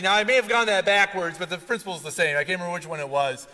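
Male pastor, high and bright, lively storyteller, long hall reverb. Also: very fast. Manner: storytelling, animated with sudden loud outbursts. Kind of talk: sermon.

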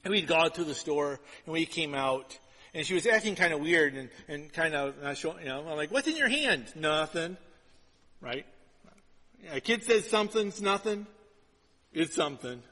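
A middle-aged pastor preaching a sermon, telling stories in an animated, conversational way with quick repeated restarts. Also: male voice, on the high side. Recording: long hall reverb.

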